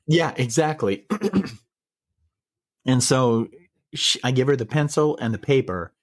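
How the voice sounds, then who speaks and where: A man hosting a podcast, retelling a personal story in casual chat, measured and full of quoted dialogue. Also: mid-range voice, animated.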